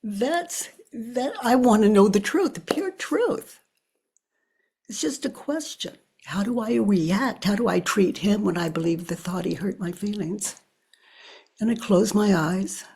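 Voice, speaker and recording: An older woman, a spiritual teacher, leads a guided self-inquiry in a mid-range voice that is very husky and breathy with a gravelly edge. She goes slowly and reflectively, pausing to think aloud and often sinking to a hush.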